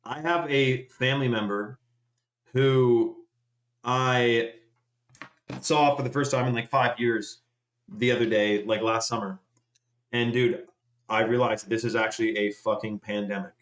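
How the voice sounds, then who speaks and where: A man's voice: mid-range voice, fairly even intonation, unhurried, pauses often. A man hosting a live stream, ranting casually in a rambling, profane way. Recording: roomy echoey room.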